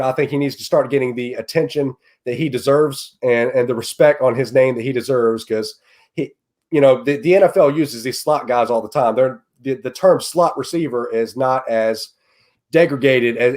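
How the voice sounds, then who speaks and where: A man's voice: medium pitch, darkish tone. A man with a mid-range voice speaks as a guest on a sports podcast. He is earnest and explains at length, often repeating a word or two before he finds his phrase. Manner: earnest, repeats words while thinking aloud. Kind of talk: casual podcast chat.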